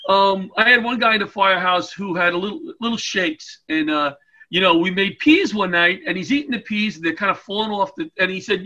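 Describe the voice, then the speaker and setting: A middle-aged man tells stories as an interview guest, his voice pitched high. He talks in a bright, forceful way and slips into voices for the people in his anecdotes. He is heard over a video call. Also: a little fast. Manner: animated, comic, acts out voices in anecdotes. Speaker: guest, retired firefighter and comedian. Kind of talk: storytelling interview chat.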